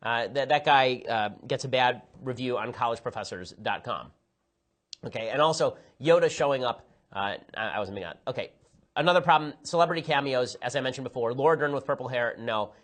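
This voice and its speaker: Brief: male commentator, quick sarcastic rant, exasperated asides, mid-pitched voice. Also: lively intonation. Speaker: political commentator. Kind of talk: rapid opinionated film review.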